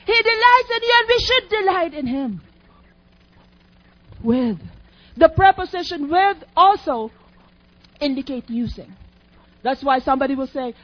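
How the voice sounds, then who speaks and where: A woman preaching a sermon in an emphatic, teacherly way, asking her listeners questions. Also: high-pitched. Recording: dull lo-fi recording.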